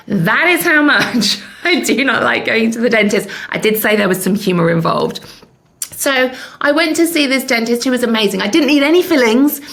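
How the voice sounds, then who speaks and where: A woman in her fifties hosts a podcast and tells a personal story with candid, self-mocking humor. Her voice sits a little high, with a gravelly edge. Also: a bit bright. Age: 50s. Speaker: podcast host.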